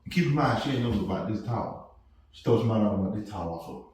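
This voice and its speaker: A man hosting a casual podcast chat, telling animated stories and laughing often. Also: fairly low pitch, quick pace, slight background noise. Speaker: podcast host. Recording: echoey room, mic at a distance.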